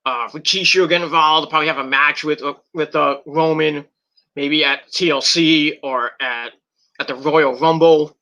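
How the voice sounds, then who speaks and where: A man with a very bright, sharp-edged voice sitting slightly high for a man talks through a wrestling match. He rambles casually, stumbling over restarts and fillers and swearing freely. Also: steady tone, moderate pace, dull audio. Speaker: wrestling reviewer. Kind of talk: casual recap and commentary.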